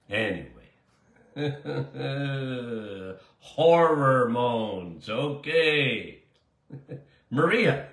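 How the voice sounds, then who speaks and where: An older man, a doctor, answers listener questions in a casual call-in style Q&A monologue, chatty and emphatic and prone to tangents. His voice is mid-range and a bit bright, in an echoey room.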